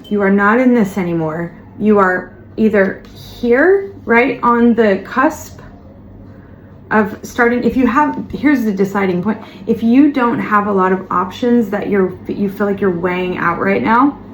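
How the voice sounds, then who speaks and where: A woman giving a tarot reading straight to the viewer, talking gently and reassuringly and repeating words for emphasis. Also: medium pitch, unhurried. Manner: speaks of spiritual guidance. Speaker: tarot reader. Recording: roomy echo, faint background noise.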